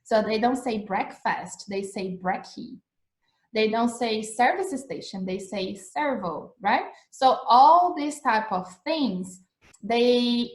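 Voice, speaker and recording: A chatty woman with a slightly high voice teaches English in a casual live-streamed lesson from her home in Australia. Her room is echoey, and she repeats phrases and leans heavily on "like" and "right?".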